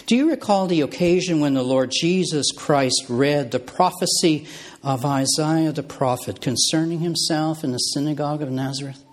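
A man preaching a sermon, speaking in a measured, emphatic way and posing rhetorical questions to his listeners. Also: fairly high pitch.

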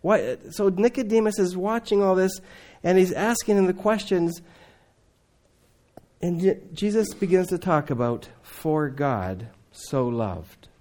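Guy preaching, bit higher voice, gets loud then drops real quiet. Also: moderate pace. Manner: swings from loud emphatic to hushed low tones. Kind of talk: sermon.

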